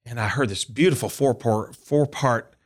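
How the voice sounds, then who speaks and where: A man's voice: mid-range voice, normal speed. A man, a country and bluegrass singer, telling stories in an interview and acting out quotes with animation. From Upper Cumberland, Tennessee. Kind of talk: storytelling interview.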